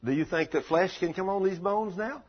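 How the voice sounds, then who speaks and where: A man preacher voicing God as a calm, commanding divine figure who asks and gives orders. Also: high voice, moderate pace, voice pushed up. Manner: questioning, commanding. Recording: lo-fi dull recording.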